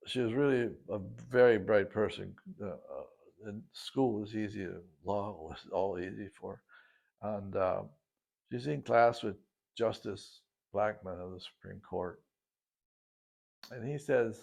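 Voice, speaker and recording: A man telling a personal story in a halting, casual way, with frequent restarts. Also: on the low side, vocal fry, darkish tone, dull audio. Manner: halting, with many restarts and fillers. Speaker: storyteller recounting his life. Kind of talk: casual spoken reminiscence.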